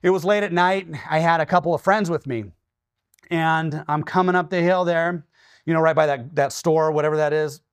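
A pastor in his forties from Washington state preaching a sermon, telling stories with lively, acted-out quotes and often checking in with "okay?". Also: a little high, moderate pace, clear, resonant tone, dry recording, clean studio sound. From Washington state, USA. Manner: animated storytelling, acting out his own quoted lines.

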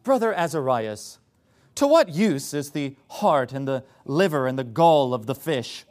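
A preacher doing a mock British accent as a pompous, pseudo-intellectual reader of old scripture. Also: male voice, mid-range voice, sing-song, measured pace, a little mellow, pitched below the performer's own voice. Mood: mock solemn. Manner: affected, sarcastic, pseudo-intellectual.

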